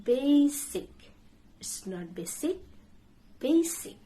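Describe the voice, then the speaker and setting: Very slow, sing-song woman teaching pronunciation. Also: on the high side, sing-song. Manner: spells words letter by letter and repeats each word many times; corrects common mispronunciations in short drill phrases. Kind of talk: pronunciation lesson.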